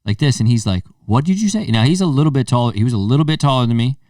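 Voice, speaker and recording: A man's voice: medium pitch, rapid-fire, dry recording, studio quality, distant mic. A man in his thirties hosting a podcast, telling a story casually and acting out the voices in it. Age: 30s. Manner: animated storyteller, acts out quotes. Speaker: podcast host.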